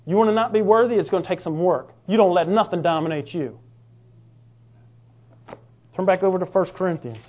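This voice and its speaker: A man preaching a fervent, emphatic sermon, now and then bursting into shouts. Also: high-pitched, a little fast, long pauses, phone-quality sound. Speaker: pastor.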